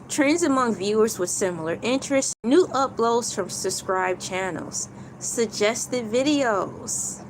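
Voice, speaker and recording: A woman's voice: fairly high pitch, slow pace, a little hiss or hum, rough recording. A woman hosting a casual livestream, playfully talking through a list of points. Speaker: YouTube livestream host.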